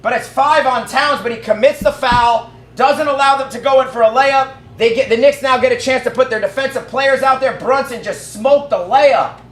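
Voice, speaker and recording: A man calls a basketball game play by play, firing off quick excited calls that climb to shouts at the big moments. His voice sits unusually high, and the room around him rings with echo. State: out of breath. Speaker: fan play-by-play commentator. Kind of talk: live play-by-play commentary.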